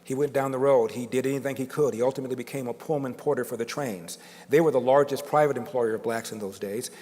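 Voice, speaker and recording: A man's voice: mid-range voice, fairly even intonation, fast talker, darkish tone. An older man giving a storytelling speech to an audience, dramatic and building emphasis through repetition. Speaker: guest speaker. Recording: long reverb of a large hall.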